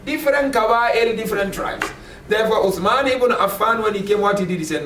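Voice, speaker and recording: A man with a high voice lectures a class on scripture in a casual, conversational way. He often turns to the listeners with questions. He is heard from a distance in a reverberant room, with faint background noise. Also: fairly quick, a bit bright. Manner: conversational, often asks the class "you know". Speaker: religious teacher. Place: classroom at a community center.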